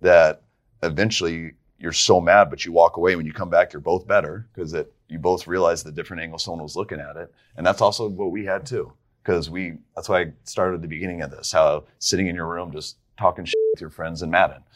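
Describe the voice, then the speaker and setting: A man with a very low voice, speaking as a guest coach on a talk podcast. He tells stories in a relaxed, conversational way, starting sentences over and laughing as he goes. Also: brisk. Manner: conversational, with frequent restarts and laughs while telling stories. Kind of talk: casual storytelling.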